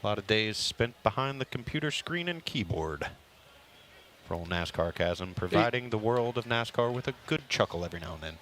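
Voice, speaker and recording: A man's voice: fairly low pitch, lively intonation, fairly quick, a bit bright, a little hiss or hum. A man calling a casual kickball game as play-by-play commentator, chatty and joking with his partner.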